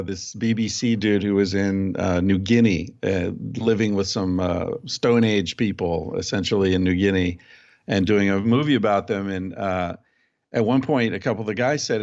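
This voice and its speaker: A man appearing as a guest author, telling a story in a relaxed, chatty way and laughing as he goes. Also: on the low side, moderate pace, dull audio. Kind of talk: casual interview chat.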